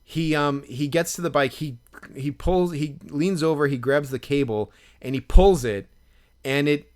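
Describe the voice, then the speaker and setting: A man co-hosting a podcast, telling a long story in casual chat and acting out the quotes with rising excitement. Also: a little high, measured pace. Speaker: podcast co-host.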